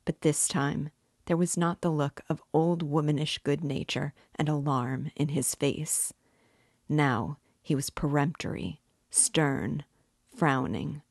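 A woman reads a classic novel aloud for her listeners, measured and even. Her voice is low and her pace is slow. The recording is dry and close, with no room sound. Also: no echo. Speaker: book club host reading aloud. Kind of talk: audiobook narration.

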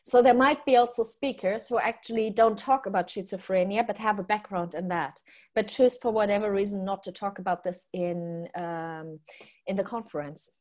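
A woman's voice: medium pitch, steady tone, normal speed, a little mellow. A woman with a German accent co-hosting a live conference stream, speaking with many hesitant fillers. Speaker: conference co-host. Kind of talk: casual live-stream chat.

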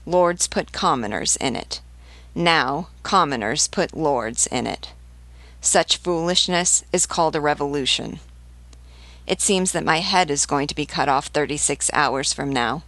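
A disdainful old marquis with impeccable breeding speaks in a low, level voice, as a woman reads him aloud. He never presses a word, letting his contempt sit quietly under every calm phrase. The voice sounds close and dry, as in a storybook reading. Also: no echo. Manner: calm, unhurried, unstressed delivery. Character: aged aristocratic male marquis, calm, scornful, well-bred.

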